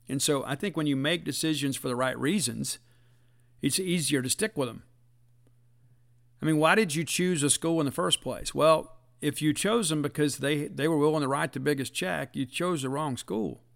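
Gravelly middle-aged man, folksy. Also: a little high, fairly bright tone. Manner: earnest, folksy, emphatic. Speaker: podcast host. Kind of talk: casual sports talk.

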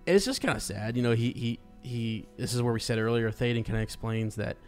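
A man's voice: medium pitch, fairly quick, faint music behind. Man musing over a book with restarts. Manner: thinking aloud with many restarts and fillers. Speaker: podcast co-host. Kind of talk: casual book discussion with read-aloud passages.

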